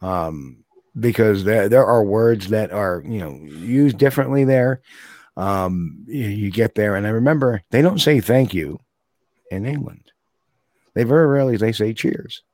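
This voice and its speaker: A chatty man co-hosting a relaxed talk show, his voice sitting on the low side. He laughs often and slips into quick, playful accent impressions. The sound is dry and close, with no room around it. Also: no room sound. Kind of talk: casual chat.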